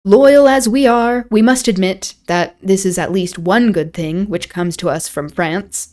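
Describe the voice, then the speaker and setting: A woman reading aloud and voicing a sly, humorous male stranger at an inn, with slow, knowing toasts. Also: mid-range voice, a little mellow, lightly acted. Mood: wry.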